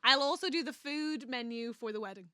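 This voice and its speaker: A woman co-hosting a podcast, chatting casually about a book. Her voice is bright and pitched a little high, with a dry, close sound. She laughs often and acts out the characters' lines as she goes. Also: fairly quick, clear, resonant tone, no room sound. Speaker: podcast co-host.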